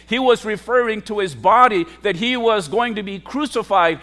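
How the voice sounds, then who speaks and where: A man, a pastor, preaching a sermon with emphatic, repetitive phrasing and sharp swings between loud declarations and hushed asides. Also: high-pitched, moderate pace, hardly any pauses.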